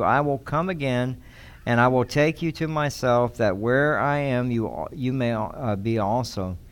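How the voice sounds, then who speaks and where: A man's voice: mid-range voice, clean tone. A man preaching a sermon as pastor, teaching in a conversational way and repeating key phrases for emphasis. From United States.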